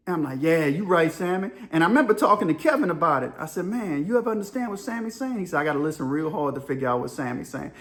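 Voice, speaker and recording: A man's voice: on the high side, lively intonation, quick pace. A middle-aged man telling a story in a casual monologue, acting out voices and sound effects and laughing often. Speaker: storyteller and channel host.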